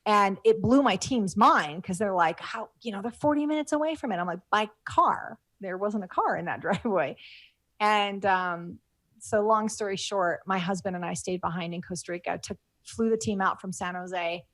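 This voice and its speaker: A middle-aged woman telling stories in an interview, rambling with plenty of fillers and false starts. She is close to tears while she speaks. Her voice sits at a middle pitch and sounds dry and close, with no room echo. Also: normal speed, fairly bright tone. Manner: rambling, many fillers and restarts. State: moved to tears. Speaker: guest. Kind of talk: casual interview talk.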